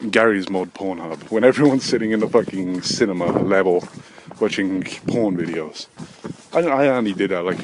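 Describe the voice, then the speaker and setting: Guy in his 30s doing a solo podcast rant, swears a lot, mumbles then suddenly yells. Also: low voice, a little hiss or hum. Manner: profane, erratic, swings between mutters and loud outbursts. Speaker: podcast host. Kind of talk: rambling solo podcast monologue. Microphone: desk microphone.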